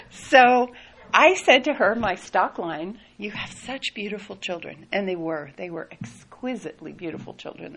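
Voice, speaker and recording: A woman telling a personal story in a soft, reflective way, often laughing lightly. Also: mid-range voice, a little hiss or hum, low-quality recording. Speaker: speaker sharing a personal story.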